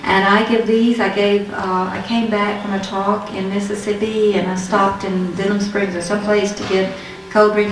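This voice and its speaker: A woman's voice: mid-range voice, distant mic, slight background noise. A woman giving a religious testimony talk, telling her story and acting out the dialogue. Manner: storytelling, acts out quoted dialogue. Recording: echoey hall, heard from afar.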